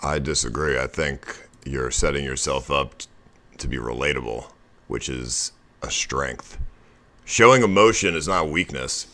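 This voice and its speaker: A man with an extremely deep, low voice talks someone through their feelings on a stream. He coaxes and persuades in a relaxed, casual way. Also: unhurried. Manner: coaxing, persuasive.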